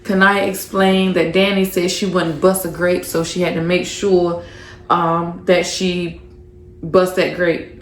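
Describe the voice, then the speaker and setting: A woman's voice: lowish voice, level tone, measured pace, echoey room. A woman casually recapping a reality show episode, gossipy and profane, with lots of fillers.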